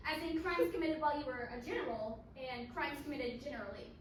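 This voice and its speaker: Woman as a deadpan council judge, formal, high-pitched, distant mic, echoey room. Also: fairly quick, slight background noise, natural voice. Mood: stern. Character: stern female council member judging a trial. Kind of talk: student stage reading.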